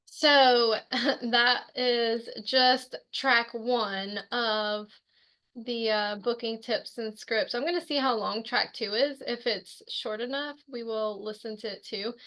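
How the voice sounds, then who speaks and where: A woman leading a team session in a casual way, unhurried and full of fillers. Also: fairly high pitch, steady tone, a bit bright, low-quality recording. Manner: unhurried, loose, with many fillers. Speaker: team leader playing training audio. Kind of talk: casual group call.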